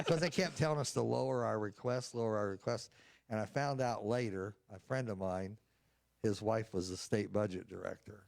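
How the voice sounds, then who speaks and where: An older man with a low, gravelly voice tells folksy stories as an interview guest, acting out each side of the conversations he recalls. The sound is close and dry, with no room around it. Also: normal speed, darkish tone, dry recording. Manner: folksy anecdotes acting out quoted dialogue. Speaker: state representative, guest. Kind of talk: storytelling interview answer.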